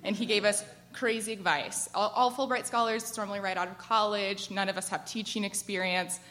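A woman from the United States in her twenties tells a personal story to a live audience. Her voice is bright and forward, and her delivery is chatty and animated, full of "like" fillers. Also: mid-range voice, fairly quick. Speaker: storyteller at a work event.

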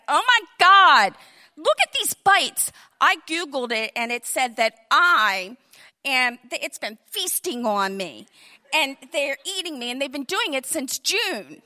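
A middle-aged woman telling a funny personal story, animated, acting out quotes in shifting voices. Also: high-pitched, normal speed.

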